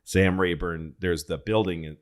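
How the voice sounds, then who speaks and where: Low-voiced man telling a rambling story. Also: steady tone, measured pace. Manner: rambling, profane, full of restarts. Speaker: comedian guest. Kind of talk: casual storytelling on a podcast.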